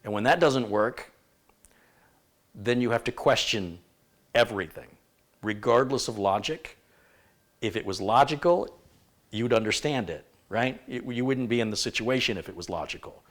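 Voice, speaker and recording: A man's voice: mid-range voice, normal speed, pauses often. A man hosting a live computer repair stream, thinking aloud and rambling with frequent self-corrections as he diagnoses a PC.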